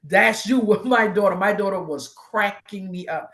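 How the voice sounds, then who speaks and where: A woman co-hosting a talk show recounts a personal story with open emotion. Her pitch sits at an ordinary middle height, and she slips into other people's voices when quoting them. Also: moderate pace, fairly bright tone. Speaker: guest co-host. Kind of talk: casual chat.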